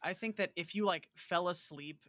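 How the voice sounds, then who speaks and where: A man with a Long Island accent, a guest actor chatting casually and picking at details with animated emphasis. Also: sits high, moderate pace, dry recording. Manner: animated, nitpicky. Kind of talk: casual chat.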